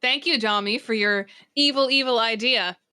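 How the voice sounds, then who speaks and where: A woman narrating as game master in a tabletop game, playful and given to dramatic pauses. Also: on the high side, pushed and bright, clear, resonant tone.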